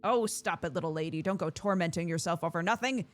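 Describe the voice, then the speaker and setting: A woman's voice: on the low side, fast talker, dry recording, soft background music, lightly acted. A woman voicing a folksy male water carrier, reading game dialogue aloud in a homely, reassuring way.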